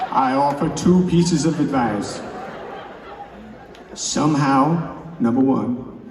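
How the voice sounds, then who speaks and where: A goofy, jokey voice with a raised, nasal-leaning pitch, barking mock-stern advice as a man puts it on. It sounds distant and booming, with a long reverb tail from a large hall. Crowd murmur and noise sit behind it. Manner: mock-stern comic advice, loud and teasing. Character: goofy loud jokey man, a comic put-on voice. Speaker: commencement speaker. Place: large ceremony venue with an audience.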